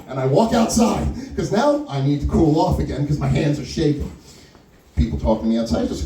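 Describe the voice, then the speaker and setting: A man performing stand-up, telling a story in an animated way and acting out the other people's lines. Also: mid-range voice, quick pace. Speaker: stand-up comedian. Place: small wine lounge stage. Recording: echoey room with mic far off, crowd audible. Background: audience laughter and crowd chatter.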